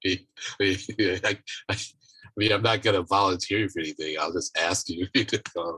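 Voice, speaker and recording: Very low husky man chairing a call. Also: sharp tone, no echo, poor audio. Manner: halting, many restarts and fillers. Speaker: meeting chair. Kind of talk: casual virtual meeting talk. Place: home office on a video call. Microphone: video call.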